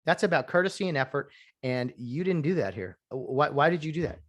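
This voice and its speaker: A man's voice: on the high side, expressive, brisk. A man doing a stern football coach, scolding. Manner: scolding, demanding. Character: stern grown male football coach reviewing film.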